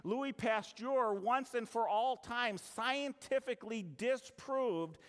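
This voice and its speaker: A male pastor preaching a sermon, telling a story with acted-out dialogue and dramatic pauses. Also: very high voice, smooth. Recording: long hall reverb.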